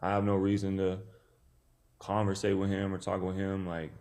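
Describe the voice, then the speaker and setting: Telling his story at a moderate pace, the thirtysomething boxer from Tennessee stays laid-back in a casual interview, peppering it with "you know" and acting out dialogue. His voice is low, monotone, and darkish, with vocal fry.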